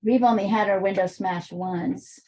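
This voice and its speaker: A woman's voice: medium pitch, steady tone, moderate pace, mellow, a little hiss or hum, rough recording. A woman teaching an art class, chatting casually and telling rambling stories.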